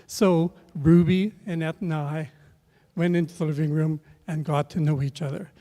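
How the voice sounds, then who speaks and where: An older man telling a rambling personal story at a memorial service, halting with many filler pauses and restarts. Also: on the high side, dark tone. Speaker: speaker sharing a memory at a memorial. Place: event room at a memorial service. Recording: long reverb of a large hall.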